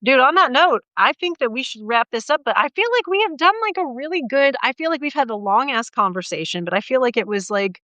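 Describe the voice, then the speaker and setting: A woman's voice: high-pitched, animated, sharp tone, no echo. Woman guest on a video call, passionate, says "like" constantly, dry sound. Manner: passionate, fast, lots of "like" and restarts. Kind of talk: casual conversation on a live stream.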